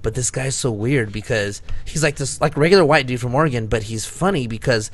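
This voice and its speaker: A man's voice: mid-range voice, a little fast. A man co-hosting a podcast, telling a long story in casual chat, full of "like," restarts and laughter. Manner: rambling storyteller, heavy on "like" and restarts, laughing often. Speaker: podcast co-host.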